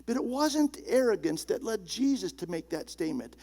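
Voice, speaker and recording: A man preaching with a high voice and a gravelly edge. He is emphatic, slowing down and sinking low and quiet to stress key words. He speaks as a pastor in the middle of a sermon. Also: sing-song.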